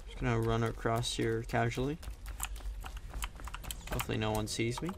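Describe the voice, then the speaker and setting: A chatty man narrating his play session with a gravelly, fry-tinged voice. He cracks jokes and curses when things go wrong. A constant hiss of noise sits under the recording. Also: mid-range voice, flat delivery, moderate pace. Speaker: gaming YouTuber. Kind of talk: casual let's-play commentary. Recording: noticeable background noise.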